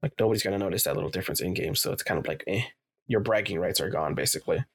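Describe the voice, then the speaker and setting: A man's voice: low-pitched, very fast. A man co-hosting a casual gaming podcast, rambling loosely and swearing freely. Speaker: podcast co-host.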